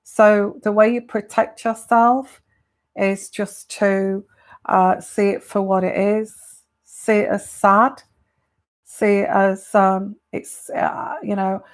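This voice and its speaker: A British tarot reader speaks casually to her viewers in a mid-range, level voice. Her advice comes slowly and hesitantly, full of filler words.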